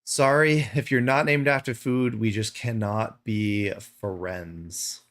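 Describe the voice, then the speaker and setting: A man's voice: fairly low pitch, fairly even intonation, slow, a bit bright. A man streaming a game live, chatting casually with a playful, self-mocking manner.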